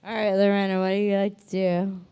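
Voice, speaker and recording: A woman's voice: mid-range voice, little pitch movement, dark tone, smooth. A woman contestant on a live comedy show, joking playfully and a bit tipsy. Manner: playful, tipsy, drawn-out jokes. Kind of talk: improvised comedy banter.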